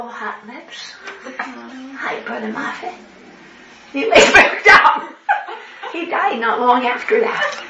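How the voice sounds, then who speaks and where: An older woman telling funny church stories at a women's conference, laughing often and acting out the voices of people she quotes. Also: medium pitch. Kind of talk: storytelling talk with humor. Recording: echoey hall, faint noise.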